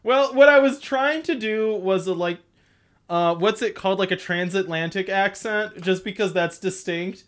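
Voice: mid-range voice, normal speed. Rambling chatty podcast host. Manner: rambling, heavy use of "like", frequent laughter. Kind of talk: casual podcast chat.

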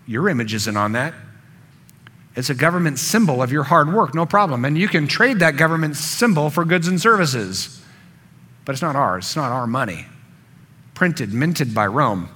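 A man's voice: fairly high pitch, sharp tone. A man preaching a sermon, earnest, building emphasis through repetition. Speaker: pastor.

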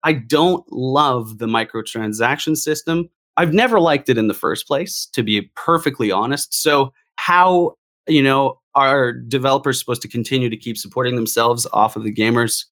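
Emphatic mid-pitched man venting. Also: normal speed. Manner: animated and emphatic, repeats words for emphasis. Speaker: guest gamer. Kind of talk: casual discussion.

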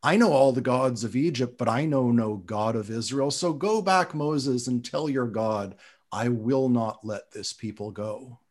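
A man voicing a proud, defiant Pharaoh in a hushed, slow reading. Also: medium pitch, lightly acted. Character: Pharaoh, proud defiant king, male adult.

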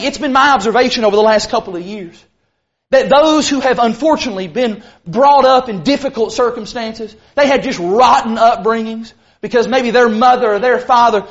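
Emphatic high-voiced preacher, lively delivery. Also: male voice, lo-fi sound. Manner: emphatic, with dramatic pauses and stressed words. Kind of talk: sermon. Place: church assembly.

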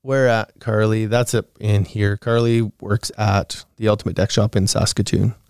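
A man co-hosts a podcast Q&A and thinks aloud as he goes, with plenty of fillers and easy laughs. His voice is smooth and resonant and sits fairly low. The close mic gives a dry, studio sound. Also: little pitch movement, normal speed, darkish tone, no room sound. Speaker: podcast co-host answering listener questions. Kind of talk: casual podcast Q&A chat.

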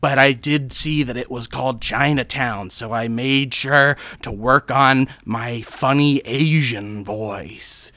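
A man's voice: medium pitch, slow, few pauses, pushed and bright, dry recording. A man impersonating a male movie star who sounds like a scary person trying to sound nice. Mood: eager. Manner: sinister false friendliness.

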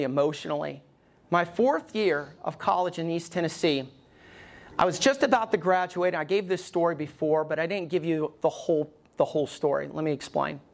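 Male lead pastor, sermon storytelling, personal and emotional, rhetorical asides. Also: sits high. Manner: personal, conversational preaching with rhetorical questions; emotional, pleading delivery.

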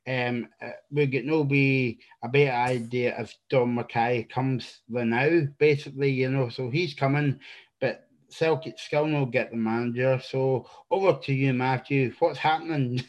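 Scottish man, mid pitch, podcast host, joking, loose delivery. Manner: joking, with many fillers. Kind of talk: casual podcast chat.

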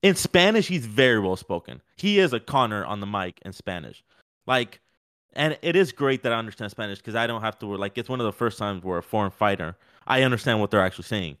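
Male podcast co-host for casual sports chat: rambling and animated, full of fillers. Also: fairly low pitch, a little fast.

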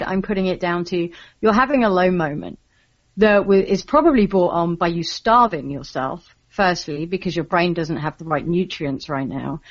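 A woman in an earnest group conversation, speaking caringly and explaining things gently to a friend. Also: on the low side, no room sound, lo-fi sound.

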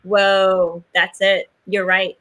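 A woman's voice: mid-range voice, level tone, extremely slow, a bit bright. A woman hosting an interview, affirming her guest with frequent short agreements. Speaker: host. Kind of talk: supportive interview chat.

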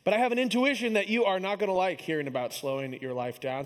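A man's voice: sits high, quick pace, big-room sound. A man in his thirties, a pastor preaching a sermon with humorous storytelling about his young son. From Kansas City area, US. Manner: storytelling, self-deprecating humor.

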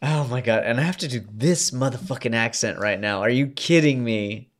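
A man co-hosting a podcast in casual chat, drunk, giggly and loud. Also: mid-range voice, moderate pace. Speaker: podcast co-host.

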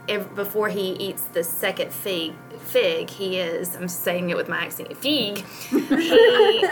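Animated storytelling mom, low voice. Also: female voice. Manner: animated storyteller, laughs often. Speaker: podcast co-host, homeschool mom. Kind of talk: casual chat.

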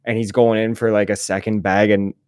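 A man's voice: fairly low pitch, level tone, a little fast, darkish tone, dry recording, studio quality. A man co-hosting a podcast, telling jokey anecdotes in casual chat and laughing along. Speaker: podcast co-host.

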